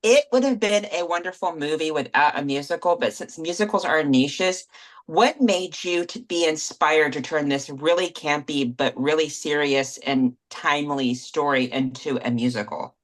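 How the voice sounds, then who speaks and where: A woman's voice: low voice, moderate pace. A woman co-hosting an interview, enthusiastic as she asks the questions. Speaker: podcast co-host. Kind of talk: casual interview chat.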